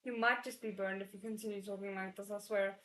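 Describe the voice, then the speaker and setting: A woman's voice: mid-range voice, fairly even intonation, quick pace, a bit bright, natural voice. A woman reading a curt, hot-tempered young man. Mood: threatening. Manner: curt, cold and threatening.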